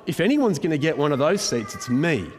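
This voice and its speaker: Man acting out an indignant boastful apostle, raised high voice, long reverb. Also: big pitch swings, fairly quick, a little hiss or hum. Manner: indignant, pushy protest. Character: boastful male apostle demanding a seat of honour.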